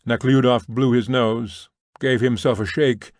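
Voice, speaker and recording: Brief: male narrator, middle pitch, measured novel reading, dry close sound. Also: steady tone, no echo. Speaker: audiobook narrator. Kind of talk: scripted narration.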